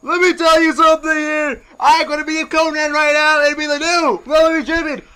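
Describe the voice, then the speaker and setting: Man putting on a brash aging wrestler, high yelling voice, loud whooping, bright, pleading. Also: flat delivery, normal speed. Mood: boastful. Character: brash aging male wrestler, boastful then begging.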